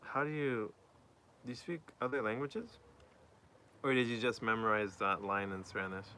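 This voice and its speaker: A man's voice: lowish voice, fairly even intonation, moderate pace, sharp tone, a little hiss or hum. A man chatting casually on a live stream, reading out viewer messages and answering them.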